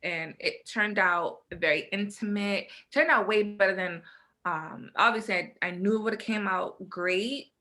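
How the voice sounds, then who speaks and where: A young woman co-hosts a casual podcast chat, telling her story in an animated way and acting out the lines other people said. Her voice is bright and forceful, with a mid-range pitch. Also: measured pace. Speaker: podcast co-host.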